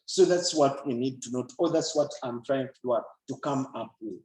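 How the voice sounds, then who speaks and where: A man's voice: medium pitch, moderate pace, darkish tone, roomy sound, low-quality recording. A man teaching a biology lesson in an online class, often asking a question and then answering it himself.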